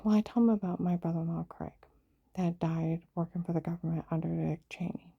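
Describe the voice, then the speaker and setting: A woman tells a rambling personal story in a low, gravelly, husky voice. Her tone stays dark and flat as she presses her grievances with insistence. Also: fairly quick, highs cut off. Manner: aggrieved, insistent retelling.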